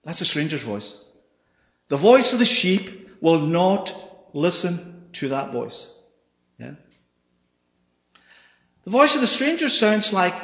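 A man's voice: high voice, sing-song, takes it slowly, long pauses, a bit bright. A man preaching a sermon with emphasis, often checking in with his listeners by asking "Yeah?". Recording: echoey hall, dull sound.

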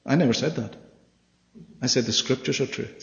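A man preaching a Bible study sermon, animated and often checking with his listeners through questions. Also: medium pitch, fairly quick, vocal fry. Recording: echoey hall, dull sound.

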